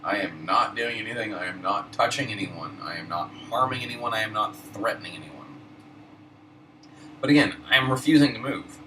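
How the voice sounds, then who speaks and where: A man telling a story in a laid-back, profane, wry way while high. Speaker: host. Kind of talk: casual storytelling. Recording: distant mic, air-conditioner hum.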